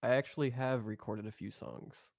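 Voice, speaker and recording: A man's voice: mid-range voice, steady tone, normal speed, vocal fry, a little mellow, no room sound, clean studio sound. A young man co-hosting a podcast, chatting casually in a laid-back, rambling way at a microphone. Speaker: podcast co-host. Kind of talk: casual chat.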